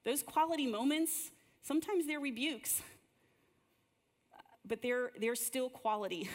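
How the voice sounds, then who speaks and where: A woman's voice: a little high, brisk. A woman leading a church group session, praying and telling stories in a conversational way, often repeating words as she starts a sentence. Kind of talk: conversational church teaching with prayer. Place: large room with a gathered group. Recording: long hall reverb.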